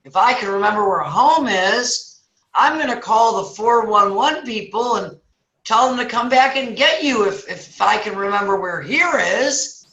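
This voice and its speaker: A woman voicing a forgetful, dazed man who drawls slowly and loosely. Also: medium pitch, expressive, a bit bright, echoey room, lo-fi sound, pitched above the performer's own voice. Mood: dopey.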